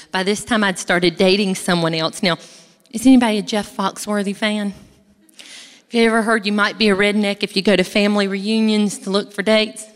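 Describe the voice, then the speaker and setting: A woman's voice: medium pitch, steady tone, moderate pace. A woman gives a chatty church testimony from a stage, talking straight to the audience. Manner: folksy, chatty, addresses the audience directly. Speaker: speaker giving a testimony. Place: large hall, speaking from a stage. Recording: echoey hall with long reverb.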